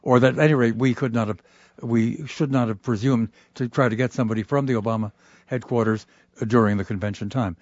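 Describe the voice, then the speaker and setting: A man hosting a call-in radio show, measured and wry in manner. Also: mid-range voice, steady tone, a little mellow, no echo, highs cut off. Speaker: radio talk show host.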